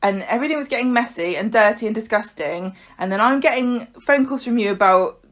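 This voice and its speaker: A woman's voice: fairly high pitch, a little fast, fairly bright tone. A woman co-hosting a podcast in casual chat. She tells stories in a chatty way and laughs often. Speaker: podcast co-host.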